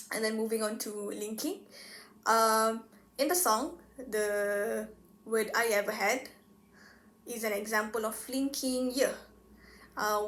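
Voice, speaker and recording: A young woman student giving a class presentation, chatty and relaxed, saying example words aloud to demonstrate them. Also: mid-range voice. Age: young adult. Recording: echoey room.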